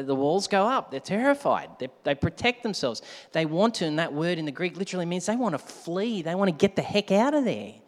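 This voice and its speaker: A man preaching a sermon, animated, at times shouting to act out a scare and dropping to a hush. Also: on the high side. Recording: long hall reverb.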